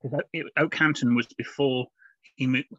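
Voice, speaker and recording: A man's voice: medium pitch, steady tone, moderate pace, fairly bright tone, no room sound. A man co-hosting a casual podcast, rambling along with plenty of fillers and restarts. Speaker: podcast co-host. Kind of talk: casual chat reviewing comics. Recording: dull lo-fi podcast audio.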